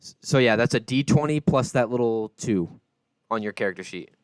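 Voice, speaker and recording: A man's voice: mid-range voice, lively intonation, normal speed, clear, resonant tone, dry recording. A man narrating a tabletop game as game master, laid-back and descriptive, on a close podcast mic.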